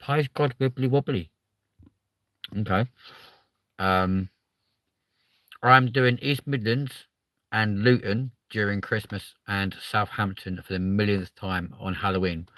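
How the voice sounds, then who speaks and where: A man's voice: lowish voice, slow pace, long pauses, a bit bright, no echo. A man hosting a live stream, chatting casually, reading out the chat and swearing freely between lots of ums.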